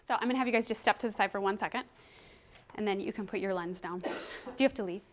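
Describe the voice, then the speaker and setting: A woman in her thirties giving a workshop presentation as a trainer, animated and quick to laugh. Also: mid-range voice. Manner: animated, laughs often, acts out quoted voices. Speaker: parenting and behavior trainer.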